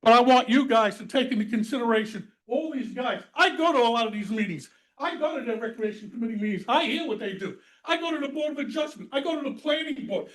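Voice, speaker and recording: A man's voice: very high voice, a bit bright, low-quality recording. A man speaking at a town council meeting's public comment, blunt and folksy, repeating his points for emphasis.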